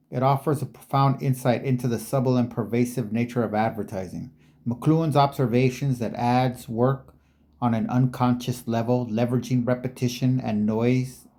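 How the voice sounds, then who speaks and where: A man's voice: medium pitch, mellow. Rambling man reading screen text aloud. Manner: rambling, musing, repeats words aloud. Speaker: video creator. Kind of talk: casual commentary while reading on screen.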